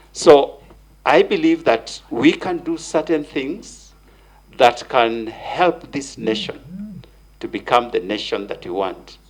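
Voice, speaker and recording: Older Kenyan man, gravelly voice, emphatic preacher's cadence, answering a vetting committee. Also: medium pitch, rough recording. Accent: Kenyan English. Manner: preacherly, emphatic, repeats key words. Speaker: nominee at a parliamentary vetting. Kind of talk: formal testimony before a committee.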